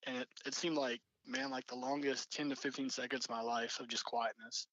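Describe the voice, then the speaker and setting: Young male storyteller, mid-pitched, loose and rambling, dull dry recording. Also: level tone, fairly quick, pushed and bright, no echo. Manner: rambling, many fillers and restarts. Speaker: storyteller recounting an encounter. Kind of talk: casual spoken storytelling.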